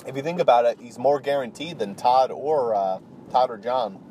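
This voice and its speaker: A man's voice: mid-range voice, normal speed, warm tone, slight background noise. A man casually recapping a role-play campaign as a channel host, talking offhand with many fillers and restarts.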